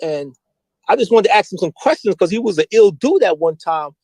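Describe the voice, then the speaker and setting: A man's voice: high voice, a little fast, dry recording, rough recording. A middle-aged man, telling street stories candidly and with lots of slang as an interview guest. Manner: animated, slangy, mimics voices when quoting.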